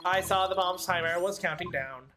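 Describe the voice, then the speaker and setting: A woman voicing a male bomb disposal expert who talks in a flat, clipped, robot-like monotone. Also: fairly low pitch, moderate pace, soft background music, close to an everyday voice. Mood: deadpan. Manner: clipped, terse, mechanical phrasing. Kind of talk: reading game dialogue aloud.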